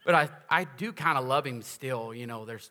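A man's voice: mid-range voice, moderate pace, bright, forceful tone. A man preaching a sermon to his congregation, talking emphatically and conversationally and asking them questions. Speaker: pastor. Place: large church sanctuary. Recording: echoey church hall.

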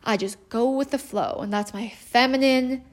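Woman podcast host with a slightly high voice, earnest and conversational, speaking solo on parenting. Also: normal speed. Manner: earnest, conversational, with occasional laughs.

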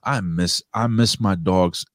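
A man's voice: deep voice, slow pace, dry recording, clean studio sound. A man co-hosting a talk show, chatting casually and swearing bluntly. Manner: profane, blunt. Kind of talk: casual chat.

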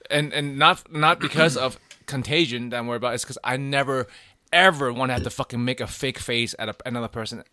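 Man, retail worker, blunt and sweary, sharp tense tone. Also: mid-range voice, fairly even intonation, fast talker, no room sound, studio quality. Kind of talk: casual chat.

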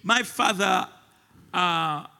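A man's voice: high voice, drawn-out words, creaky, sharp tone, in a large hall. A man preaching a sermon as pastor, telling a story in short phrases that an interpreter translates.

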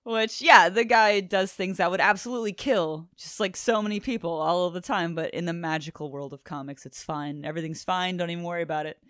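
A woman's voice: on the low side, a little fast, few pauses, fairly bright tone, no room sound, clean studio sound. A woman co-hosting a podcast, enthusiastically recapping a comic book in casual chat and swearing now and then. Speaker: podcast co-host.

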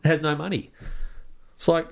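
A man's voice: fairly high pitch, little pitch movement, moderate pace, creaky. Fired-up Australian man, swearing freely. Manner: passionate, heavy swearing, many restarts. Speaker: podcast guest. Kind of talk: casual conversation.

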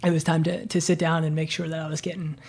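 An author and guest who chats casually, often repeating "yeah", then reads a chapter of their own novel aloud in a steady narration. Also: medium pitch, quick pace, breathy edge.

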